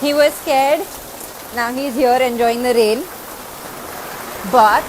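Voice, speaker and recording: A woman with a high voice speaks slowly on a casual live stream, coaxing her dog in baby talk. Steady rain rushes clearly behind her. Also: slight background noise, low-quality recording. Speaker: live streamer chatting with fans. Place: at home by the rain.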